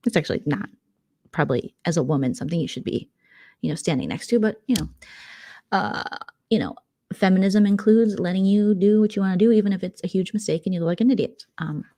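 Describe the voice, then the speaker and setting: Quick and lively, a woman hosting a vlog dishes casual gossip in a warm, mid-range voice. Her delivery is chatty and sarcastic, drifting into tangents along the way.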